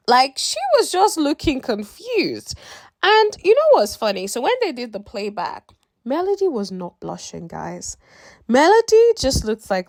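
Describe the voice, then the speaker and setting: A woman's voice: fairly high pitch, normal speed, no room sound. A woman giving a sassy, casual recap of a reality show, acting out what the cast said. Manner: sassy, animated, acts out quotes of the cast. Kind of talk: casual commentary.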